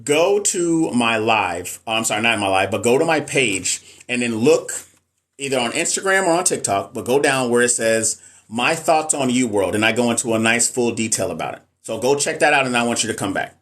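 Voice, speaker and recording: On a live stream, a middle-aged nurse who coaches for the NCLEX chats casually and answers viewer comments frankly and emphatically. His voice is on the low side with a fairly bright tone.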